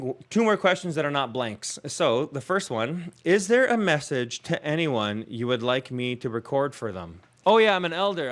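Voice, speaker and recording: A man in his thirties hosting a comedy podcast, telling rambling, self-mocking stories and chuckling at his own mishaps. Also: mid-range voice. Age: 30s.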